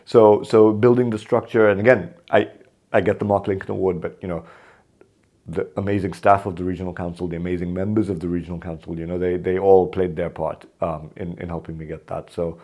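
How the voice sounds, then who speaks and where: A man from Kenya speaks as a podcast guest in a very low voice. He tells his stories in a relaxed, conversational way, and he acts out the lines of the people in them. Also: a little fast. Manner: animated, acts out quoted dialogue in his stories. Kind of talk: conversational interview storytelling.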